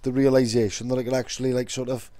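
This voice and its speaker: A man's voice: mid-range voice, little pitch movement, fast, warm tone, dry recording. Laid-back man rambling casually. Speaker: vlogger. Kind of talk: casual vlog talk.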